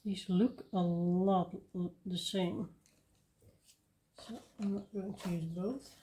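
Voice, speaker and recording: A woman hosting a coloring video, talking casually and thinking aloud as she works. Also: fairly low pitch. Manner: relaxed, unhurried, thinking aloud.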